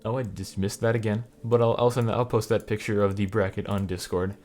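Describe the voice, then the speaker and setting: A man's voice: on the low side, level tone, fairly quick, darkish tone, a little hiss or hum. A man hosting and casually commentating a game tournament, chuckling often and trailing off into fillers. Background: background music.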